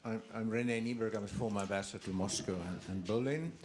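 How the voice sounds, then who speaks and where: Older ex-diplomat guy commenting at a seminar, low voice, lots of uh uh. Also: fast. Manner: hesitant, many fillers and restarts. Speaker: former ambassador commenting from the floor.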